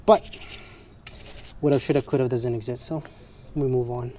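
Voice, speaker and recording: A man's voice: mid-range voice, fairly even intonation, unhurried, dark tone, a little hiss or hum. Candid man talking casually. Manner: candid, rambling, frank with casual swearing; speaks English as a second language. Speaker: car detailing vlogger. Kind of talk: casual motivational chat.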